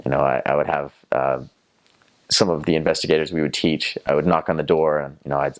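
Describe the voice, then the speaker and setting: Very deep-voiced young man chatting casually. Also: fairly even intonation, fairly quick. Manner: rambling, many fillers, imitates foreign words. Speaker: former missionary recounting languages learned. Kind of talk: casual storytelling to camera.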